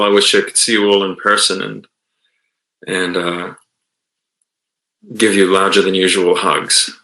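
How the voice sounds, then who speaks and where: A man's voice: sits low, sharp tone. A man in his forties answering fan questions on a virtual panel, rambling and self-deprecating, with many restarts. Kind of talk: virtual Q&A panel, casual and chatty. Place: home room. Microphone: video call. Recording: roomy echo.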